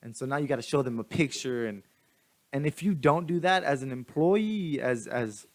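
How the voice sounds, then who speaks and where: A young man vlogging, venting in a rambling, animated way and restarting his sentences often. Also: medium pitch, moderate pace. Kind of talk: casual venting monologue.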